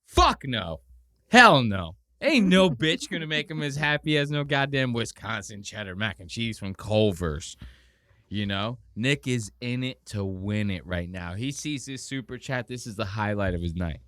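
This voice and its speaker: A man hosting a podcast, casually mocking a clip with animated commentary and exaggerated impressions. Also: lowish voice, moderate pace, dry recording, clean studio sound. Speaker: podcast host.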